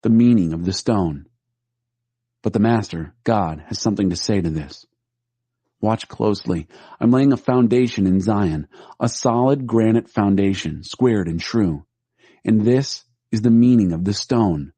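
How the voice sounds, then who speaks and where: A man with a low, dark voice reads scripture aloud in a steady, measured way. The recording is dry and close, with no room sound. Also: husky, no room sound.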